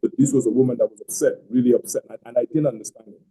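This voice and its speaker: Man, middle-aged, husky voice, rambling storyteller, video call. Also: mid-range voice, steady tone, very fast, dark tone, poor audio. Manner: rambling, repeats words and restarts often. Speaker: host telling his marriage story. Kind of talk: casual storytelling on an online call. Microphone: online video call.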